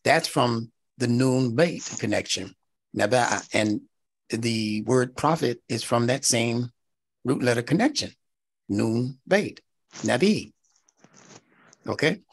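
A middle-aged male instructor teaches a lecture class in an animated, teacherly manner, checking in with "right?" and building to emphatic peaks. His voice is medium-pitched, and he speaks slowly, pausing often.

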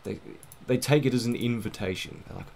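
A man's voice: medium pitch, brisk, vocal fry, darkish tone. A man giving casual, rambling, self-mocking commentary while playing a game, swearing now and then. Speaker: gaming let's-play host.

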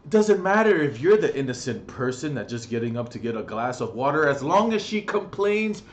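A young man with a fairly high voice rants on his vlog. He swears constantly and keeps bursting out loudly in agitation. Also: sing-song, a little fast, hardly any pauses. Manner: profane, agitated ranting with sudden loud outbursts. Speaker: vlogger. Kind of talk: angry ranting vlog.

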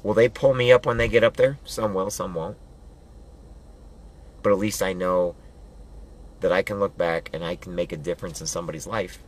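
A man giving a loud, preachy motivational pep talk, hammering home rallying commands and building up to yelling. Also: sits low, steady tone, moderate pace, pauses often. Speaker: motivational vlogger.

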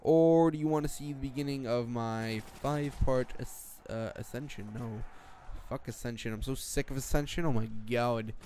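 A man's voice: medium pitch, normal speed, warm tone, a little hiss or hum. A teenage boy giving rambling, jokey gameplay commentary late at night, swearing and jumping between topics. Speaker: gaming commentator.

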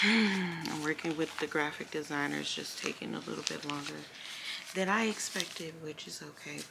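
A woman vlogging on her phone in a casual, animated way, calling her viewers girl, honey and y'all. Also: low-pitched, moderate pace, vocal fry. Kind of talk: casual vlog chat. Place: in a car and at home. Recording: loud background noise.

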